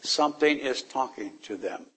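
Leading a casual Bible study, this man talks things through, reads verses aloud, and jokes and laughs with the group in an animated way. His voice is medium in pitch with a breathy edge, at a moderate pace.

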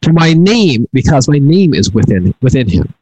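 A man's voice: medium pitch, big pitch swings, moderate pace, darkish tone, breathy edge, dry recording, low-quality recording. A middle-aged man teaching from the Torah in an earnest way, often repeating and restarting his words. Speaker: Bible teacher.

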